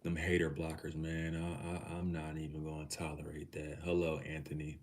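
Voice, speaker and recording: Deep voiced texas dude on a livestream, cussing, calling everybody nephew. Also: male voice, completely flat delivery, moderate pace, slight background noise. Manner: talks to chat, swears freely, calls viewers nephew. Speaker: livestream host. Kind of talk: casual livestream chat.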